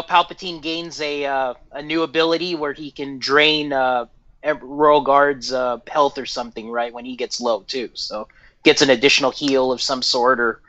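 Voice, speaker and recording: A man's voice: mid-range voice, a bit bright. A man co-hosting a game stream on a call, thinking aloud with lots of fillers. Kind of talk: casual group chat on a call. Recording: dull lo-fi call audio.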